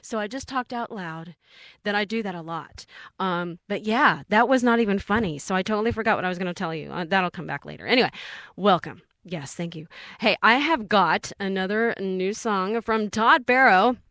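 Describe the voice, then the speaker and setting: A woman's voice: mid-range voice, animated, normal speed, a bit bright, dry recording. Rambling Texan woman radio host. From Texas. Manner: rambling and chatty, loses her train of thought. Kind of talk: casual radio chat between songs.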